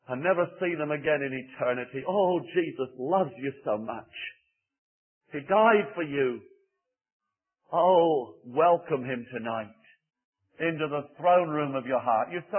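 A man's voice: on the high side, lively intonation, a little slow. A man preaching an evangelistic sermon, pleading fervently with repeated appeals. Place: church service. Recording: tinny phone-like recording.

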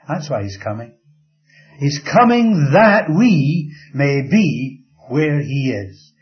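An older man preaching a sermon, telling stories slowly and dramatically, dropping to a soft hush at times. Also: fairly high pitch, sing-song. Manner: slow, dramatic storytelling with soft drops to a hush. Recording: slightly dull lo-fi recording.

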